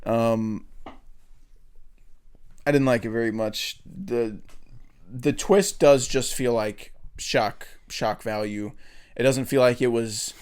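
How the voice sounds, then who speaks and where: A man's voice: mid-range voice, fairly even intonation, takes it slowly, long pauses, darkish tone, clear, resonant tone. A young man chatting loosely on a movie podcast, with lots of swearing and filler words. He breaks into laughter while retelling scenes and keeps an easygoing, rambling flow. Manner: loose and profane, laughs often at his own retellings. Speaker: podcast co-host. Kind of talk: casual chat.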